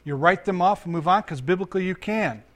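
A male preacher with a high-pitched voice delivers an animated sermon. He reads scripture passages aloud, then breaks off to comment on them and put questions to his congregation. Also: fast. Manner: animated, asks the audience questions. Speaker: pastor and counselor.

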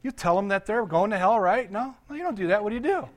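A man's voice: sits high, lively intonation, fast talker. An older man, a pastor, giving a conversational sermon, laughing often and quizzing his congregation.

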